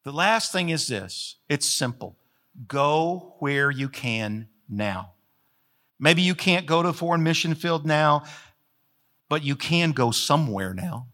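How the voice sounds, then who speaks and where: A man's voice: a little high, expressive, slow pace, pushed and bright. A man preaching a sermon as the pastor, folksy and emphatic, repeating phrases to drive points home.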